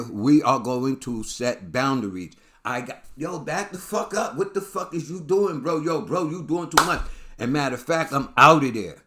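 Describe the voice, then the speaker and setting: A man's voice: medium pitch, a bit bright. A man hosting a celebrity commentary channel, ranting bluntly with profanity and lots of repetition.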